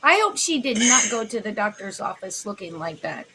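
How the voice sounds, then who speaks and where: A woman's voice: medium pitch, sing-song, moderate pace, bright, forceful tone, a little hiss or hum. A woman giving sarcastic, profane commentary on a clip she is watching. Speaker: reaction commentator. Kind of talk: mocking commentary over a clip.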